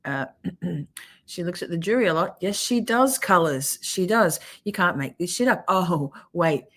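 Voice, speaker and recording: A woman's voice: fairly low pitch, expressive, unhurried, fairly bright tone. A woman hosting a casual livestream, reacting to trial clips with sarcastic, profane commentary and chatting with her viewers.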